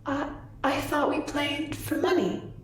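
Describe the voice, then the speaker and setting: A woman's voice: a little high, takes it slowly, slight background noise, voice pushed up. A timid young woman speaks up with hesitant resolve, voiced by a woman narrator. Her voice rises slightly above the narrator's own tone, heard in a roomy space from some distance.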